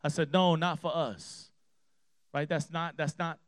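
A man preaching a sermon in a church, telling a personal story with emphatic repeated phrases, swinging from hushed to loud. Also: fairly high pitch, fairly even intonation, measured pace, no echo, studio quality. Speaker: pastor.

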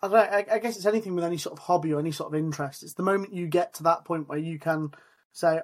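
A man's voice: on the high side, very fast. Man musing aloud on a podcast. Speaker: podcast co-host. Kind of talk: casual chat.

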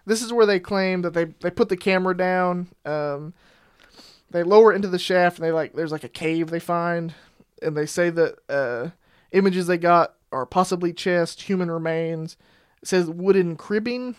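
A man's voice: high-pitched, moderate pace, smooth. A man co-hosting a casual podcast chat, joking and laughing often. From New Jersey. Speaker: podcast host.

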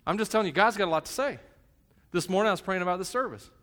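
A man preaching a relaxed, joking sermon, plainspoken and a little crass. His voice sits fairly high for a man. It rings out with a long reverb through a large church hall. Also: racing. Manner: conversational and joking, swinging from hushed to shouted; self-described plain and a bit crass. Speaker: pastor. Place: church service.

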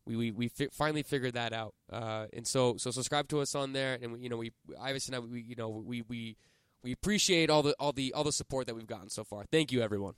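A man's voice: mid-range voice, quick pace, a bit bright, smooth, dry recording. A man in his twenties co-hosting a soccer podcast, talking in a jokey, enthusiastic way. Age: 20s. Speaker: podcast co-host. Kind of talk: casual sports chat.

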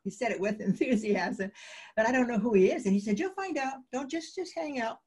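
A woman guest in an interview, telling lively anecdotes and acting out the dialogue of the people in them. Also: a little high, fairly quick, husky. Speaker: guest, peace advocate. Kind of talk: interview storytelling.

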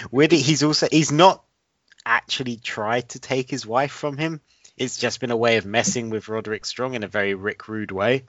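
A man co-hosting a casual podcast, speaking in a measured way with dry teasing. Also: medium pitch, a bit bright, no echo. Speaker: podcast co-host. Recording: dry, slightly dull lo-fi sound.

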